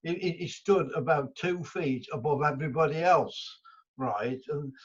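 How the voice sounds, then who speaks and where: An older English man, a guest musician, tells stories in a casual interview, rambling with many restarts and fillers. His husky voice is on the high side, fairly bright, and unhurried, and the audio is dull and lo-fi.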